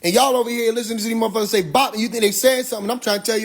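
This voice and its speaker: On an Instagram Live monologue, a male livestream host preaches with rhetorical questions and profanity. His voice is very high and steady in tone, and he races along with hardly any pauses.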